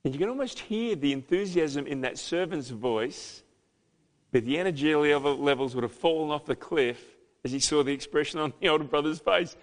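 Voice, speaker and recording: A man preaching a sermon as pastor, emphatic, with loud, dramatic peaks. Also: on the high side, a little fast. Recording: long hall reverb.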